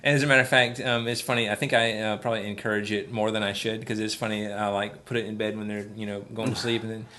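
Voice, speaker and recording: Bright-voiced man in casual podcast chat. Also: on the low side, level tone, fast talker, hardly any pauses, a little hiss or hum. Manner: rambling, jokey, breaks into silly impressions. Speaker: podcast host.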